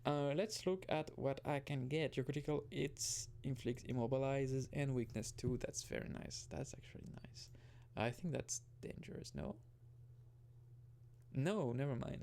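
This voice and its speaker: A man's voice: mid-range voice, creaky, a little mellow, slight background noise. A young man giving rambling, casual gameplay commentary, often restarting and swearing casually. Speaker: gaming video host.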